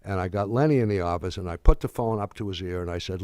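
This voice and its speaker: An older man giving a talk to an audience, telling a story in a halting, wry way with many restarts. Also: low-pitched, a little mellow, no echo, studio quality.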